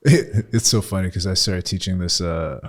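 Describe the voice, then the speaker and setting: A man in his thirties talks on a casual podcast in a lowish voice. He is open and reflective, and he pokes fun at himself as he goes. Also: normal speed. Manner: candid, reflective, self-mocking humor. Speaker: podcast co-host and coach.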